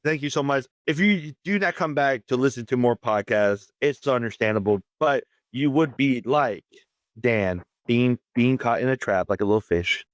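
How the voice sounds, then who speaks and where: A man co-hosting a poker podcast, telling jokey stories in casual banter. His pitch sits in the middle for a man. The recording is dry and close, with no room sound. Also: moderate pace, no echo. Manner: joking storyteller with swearing, and repeats words as he talks. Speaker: podcast co-host.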